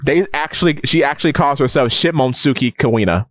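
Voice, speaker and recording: A man's voice: mid-range voice, brisk. A man co-hosting a podcast, recapping at length in casual chat with many stumbles and restarts. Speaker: podcast co-host.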